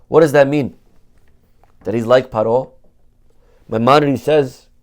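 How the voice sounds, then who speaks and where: A man's voice: mid-range voice, steady tone, measured pace. A male rabbi teaching a Torah lesson, telling stories animatedly and dropping in Hebrew terms.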